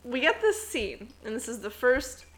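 A young woman co-hosts a podcast, recapping a film in casual conversation, her voice on the high side at a moderate pace against heavy background noise. She's animated, acting out the characters' lines and laughing as she goes.

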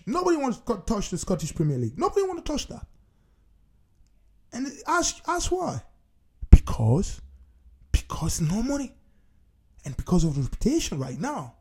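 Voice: medium pitch, a little mellow. A talk show host giving a solo opinion monologue and talking emphatically, hammering points home by repeating key phrases. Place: based in Scotland.

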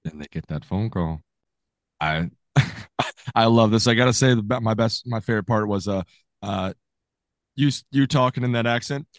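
A man's voice: on the low side, moderate pace, long pauses, no room sound. A man in loose podcast banter, laughing and swearing as he talks about a film. The sound is close and dry, with no room in it. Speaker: podcast co-host. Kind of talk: casual chat.

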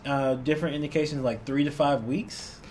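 A man's voice: mid-range voice, steady tone, fairly quick, darkish tone, slight background noise. Male podcast host, casual sports chat, laid-back, laughs easily.

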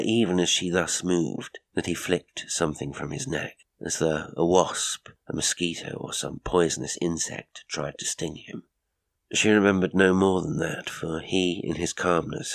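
Deep gravelly guy reading a ghost story, dry close sound, slow and hushed at times. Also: no echo. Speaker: audiobook narrator. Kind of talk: scripted ghost story narration.

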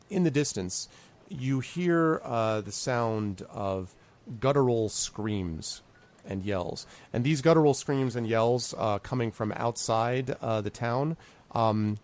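Rambling male game master. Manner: rambling, lots of ums, pitches up for quoted characters. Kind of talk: narrating a tabletop game.

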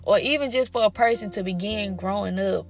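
A young woman with a gravelly, fry-laden voice talks openly to her viewers about growing up and raising her child. She swears freely and slips into her relatives' voices when she quotes them. Soft music plays faintly underneath. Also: medium pitch, brisk. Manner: frank and profane, acts out quoted family members. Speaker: parent sharing personal stories. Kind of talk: candid personal storytelling to viewers.

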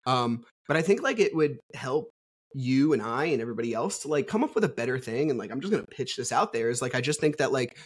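A man's voice: medium pitch, lively intonation, quick pace, husky. A man guest on a podcast, talking casually and bluntly with plenty of swearing, telling his story candidly. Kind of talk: casual conversational interview.

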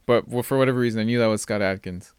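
A man's voice: lowish voice, very fast, clean tone, dry recording. Man, podcast co-host, casual chat, hesitant, many fillers, dry sound. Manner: hesitant, full of fillers and restarts.

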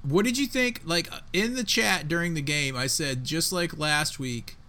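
A man co-hosting a casual sports podcast, talking in an emphatic, excitable way with plenty of slang. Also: a little high, a little slow. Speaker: podcast co-host.

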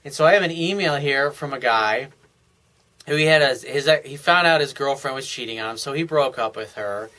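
This advice monologue comes from a man who hosts a dating show, offering frank, coaching, sometimes profane guidance drawn from listener emails. His medium-pitched voice moves at normal speed and sounds sharp.

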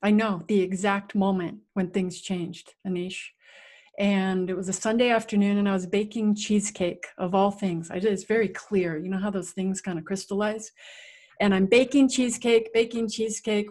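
Animated middle-aged woman telling a story. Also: mid-range voice, normal speed. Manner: vivid, animated telling with acted-out sounds and quotes. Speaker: interview guest. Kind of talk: personal storytelling in conversation.

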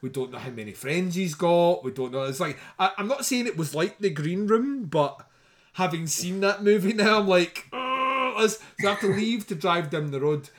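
A man in middle age tells a story on a podcast, swearing freely. His voice sits slightly high for a man. He talks in a loose, animated way and laughs between lines. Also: normal speed. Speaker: podcast host. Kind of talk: casual storytelling.

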